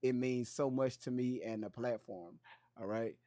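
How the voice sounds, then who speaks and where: A man hosting a commentary channel, talking in an animated, joking way full of slang and profanity. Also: mid-range voice, a little slow, no room sound, clean studio sound. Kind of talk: casual commentary.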